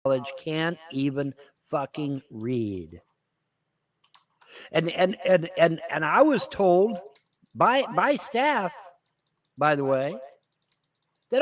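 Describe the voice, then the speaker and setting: An angry host in full rant, cursing freely and mocking what he reads. His voice sits high and swings widely up and down. Clicking sounds come through now and then. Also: expressive, slow pace, pauses often. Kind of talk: profane political rant.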